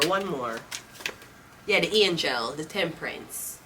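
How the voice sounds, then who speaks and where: With a sharp tone, a mid-range voice and a normal speaking speed, a woman reads tarot in a Jamaican accent, staying blunt, casual and profane and slipping into patois. Slight background noise can be heard, and her voice is a little off-mic.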